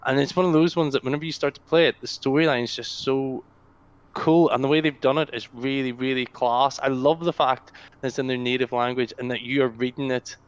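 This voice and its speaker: A man co-hosts a casual gaming podcast in a smooth, medium-pitched voice at a slightly fast pace. He's enthusiastic and animated while telling game stories, captured in slightly dull lo-fi audio.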